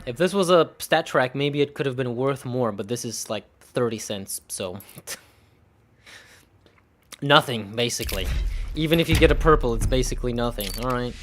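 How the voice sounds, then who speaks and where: A man's voice: medium pitch, noisy background. Dry, sarcastic young male streamer. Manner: dry, sarcastic, rambling, with frequent laughs. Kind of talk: casual livestream commentary while opening game cases.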